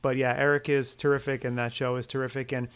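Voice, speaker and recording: A man's voice: medium pitch, flat delivery, fast, a bit bright, clean tone. A man hosting a movie podcast, upbeat and chatty, making plugs and thanking his guest with frequent fillers. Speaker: podcast host. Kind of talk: casual podcast outro.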